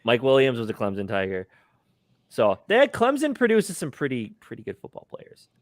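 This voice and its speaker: A man on a casual sports podcast, teasing listeners in a quick, joking manner. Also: mid-range voice, wildly swooping pitch, no echo, studio quality.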